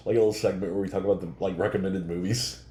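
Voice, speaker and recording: Deep-voiced man musing with halting restarts. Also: fairly even intonation. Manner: halting, self-reflective, with many restarts. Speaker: podcast co-host. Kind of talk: casual chat. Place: bar room. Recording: roomy echo, faint background noise.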